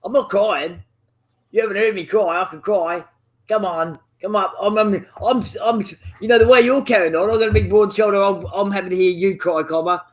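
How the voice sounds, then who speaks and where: A high-pitched man banters with a friend over voice chat while gaming, rambling, teasing, trading insults and swearing in nearly every sentence. He loops back through fillers as he goes and speaks at normal speed.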